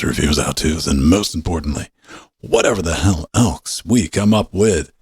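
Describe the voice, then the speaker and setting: Man, podcast host, deep voice, husky and dry close-mic sound, swears freely, wisecracking. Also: moderate pace, darkish tone, no echo. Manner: profane, wisecracking. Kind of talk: casual chat.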